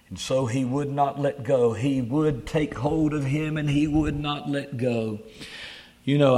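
A man's voice: medium pitch, darkish tone. A man preaching a sermon at a camp meeting, earnest and pleading.

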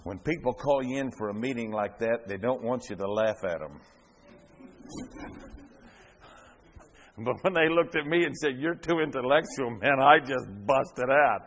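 A man pastor preaching a sermon, swelling to loud fervent peaks and dropping back quiet. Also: medium pitch, lively intonation, unhurried, pauses often.

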